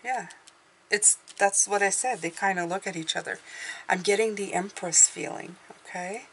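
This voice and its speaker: A woman's voice: medium pitch, normal speed, fairly bright tone, slight background noise. A woman giving an intuitive tarot reading, speaking in a meandering, hesitant way as she thinks aloud. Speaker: tarot reader.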